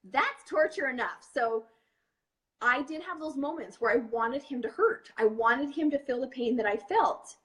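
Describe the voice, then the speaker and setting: Candid, animated young woman coaching. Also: high-pitched, moderate pace. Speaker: webinar host and coach. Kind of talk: casual webinar talk.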